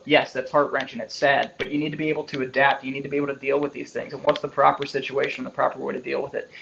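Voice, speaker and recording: A man with a fairly high voice gives a motivational talk to fellow chiropractors, casual and conversational. He keeps checking in with the listener, tagging his points with "right?" The audio is a bit dull and lo-fi. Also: slight background noise. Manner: conversational, with frequent rhetorical "right?" tags. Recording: slightly muffled lo-fi audio.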